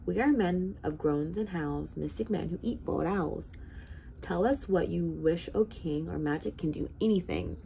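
A woman reading aloud, voicing a group of mysterious old magicians who chant in a slow sing-song. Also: lowish voice, vocal fry, warm tone, a little hiss or hum.

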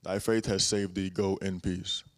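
A man's voice: low-pitched, flat delivery, a little slow. A young adult man preaching a casual, conversational sermon full of everyday stories and repeated phrases.

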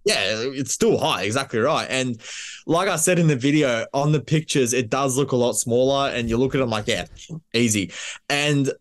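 A man, an Olympic shooter, guest on a podcast. He tells stories in a relaxed way with laughing asides and filler words, at an ordinary middle pitch. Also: normal speed. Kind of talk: casual interview.

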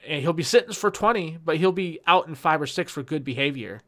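A man's voice: fairly high pitch, expressive, brisk, sharp tone. Heated, cursing man ranting to camera. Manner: heated, profane, with frequent restarts. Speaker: YouTuber. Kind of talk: impassioned vlog rant.

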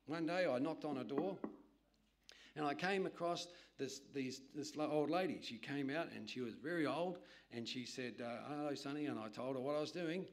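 A man, a literature evangelist, telling a lively anecdote in a sermon with asides to his listeners. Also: medium pitch, normal speed. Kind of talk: storytelling sermon.

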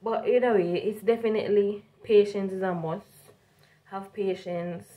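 A woman's voice: mid-range voice, fairly even intonation, moderate pace, dark tone. A young woman from Jamaica with a strong Jamaican accent, telling a vlog story casually and animatedly, slipping between standard English and Jamaican Patois. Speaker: vlogger.

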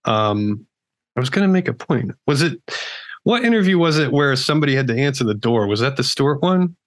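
A man's voice: medium pitch, very animated, fairly quick, no room sound. A man who is a guest on a podcast, chatting casually in an easygoing, loose way full of fillers. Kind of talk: casual conversation.

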